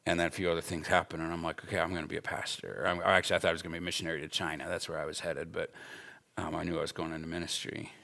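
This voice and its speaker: Man, 40s, Bible school instructor: low gravelly voice, earnest and emphatic, conversational storytelling. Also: little pitch movement, rapid-fire, sharp tone. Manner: earnest, emphatic, with personal stories. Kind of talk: conversational teaching talk.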